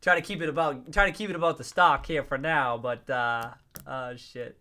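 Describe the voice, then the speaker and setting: A man's voice: a little high, normal speed, pushed and bright. A man hosting a casual livestream, reading out viewer comments in a chatty, playful way, laughing often and restarting his sentences. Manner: reacts to and reads out viewer comments.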